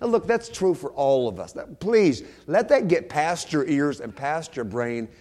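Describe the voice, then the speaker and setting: A man preaching a sermon in a church, emphatic, repeating key phrases and swinging from soft to loud. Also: fairly high pitch, big pitch swings, a little slow. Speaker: pastor.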